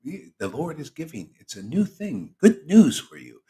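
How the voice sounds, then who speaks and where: A man's voice: a little high, wildly swooping pitch, moderate pace, few pauses, mellow. A man as spiritual teacher, giving a casual, teasing devotional sermon to an online group.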